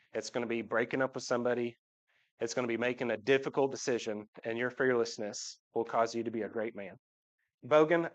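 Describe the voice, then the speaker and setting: A man, speaking to his church congregation about his family in a joking, heartfelt way. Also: medium pitch. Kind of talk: personal church talk. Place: church sanctuary, at the front. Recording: dull livestream audio.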